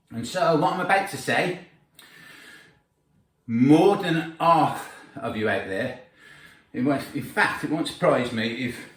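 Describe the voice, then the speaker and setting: A man's voice: medium pitch, fairly bright tone. A man giving blunt, opinionated, sweary gym advice in a casual workout vlog. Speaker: gym trainer. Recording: roomy gym, mic at a distance.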